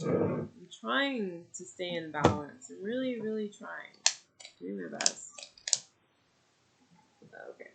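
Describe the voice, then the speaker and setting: Slow, low-voiced woman venting. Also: lively intonation, gravelly, heavy background noise. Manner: frustrated venting, rambling with fillers. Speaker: vlogger and mother. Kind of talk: casual personal vlog.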